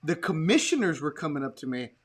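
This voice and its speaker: A man hosting a casual podcast chat, telling stories in an animated way and acting out the people he quotes. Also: fairly high pitch, fast talker, husky. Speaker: podcast host.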